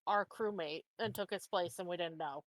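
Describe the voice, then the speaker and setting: A woman playing a tabletop game in casual chat, eagerly planning her moves out loud. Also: on the low side, normal speed, dry recording. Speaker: player.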